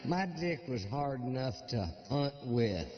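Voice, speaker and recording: A male stand-up comedian telling stories in a slow, deadpan way. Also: mid-range voice, lo-fi sound, very noisy.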